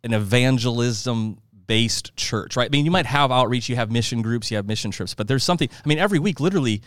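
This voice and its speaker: A man hosting a podcast interview, asking halting, rambling questions. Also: medium pitch, a bit bright, no echo, clean studio sound. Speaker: podcast host. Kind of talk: casual interview. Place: ministry headquarters office.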